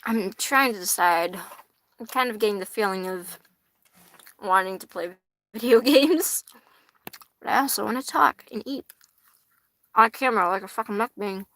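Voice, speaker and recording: A woman's voice: mid-range voice, moderate pace, pauses often, bright, forceful tone. A young woman hosting a casual tarot livestream, chatty and rambling, swearing casually and laughing often while eating fries. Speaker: tarot reader and livestream host.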